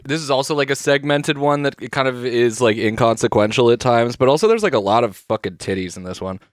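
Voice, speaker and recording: Male podcast co-host, mid-pitched, laid-back, dry close recording. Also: expressive, fast talker, no echo. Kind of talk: casual chat discussing a manga.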